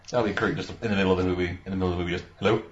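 A man with a fairly low voice hosts a loose, rambling commentary chat, full of swearing. He is on an online call, and the audio is dull and lo-fi. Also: a little hiss or hum. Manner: profane, rambling. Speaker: podcast host. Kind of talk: casual commentary-track chat.

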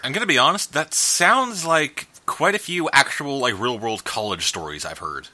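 A man's voice: medium pitch, expressive, moderate pace, pushed and bright. A man hosting a casual podcast, trading sarcastic jokes with his co-host. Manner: joking, sarcastic banter.

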